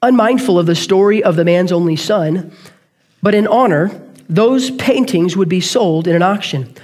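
A man preaching a sermon, telling a story earnestly and quickly, and sometimes correcting himself mid-sentence. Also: high-pitched, a little mellow.

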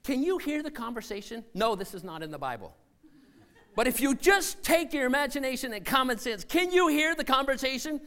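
A man preaching a sermon as a missionary, acting out scenes and voices and swinging from shouting to hushed tones. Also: very high voice, sing-song, brisk.

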